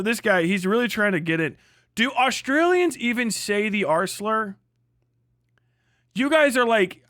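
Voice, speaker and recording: A man's voice: sits high, fairly bright tone, no echo, studio quality. An American man on a casual livestream, ranting in a rambling, profane way and laughing often. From United States. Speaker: livestream host.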